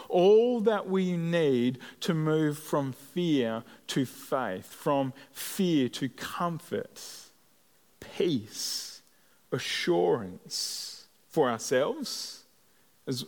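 A man preaching a sermon as a pastor, earnest and measured, with deliberate pauses. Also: on the high side, darkish tone. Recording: long hall reverb.

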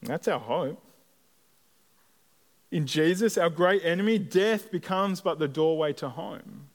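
A man preaching a sermon as a pastor, earnest and measured, with deliberate pauses. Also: a little high, lively intonation. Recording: long hall reverb.

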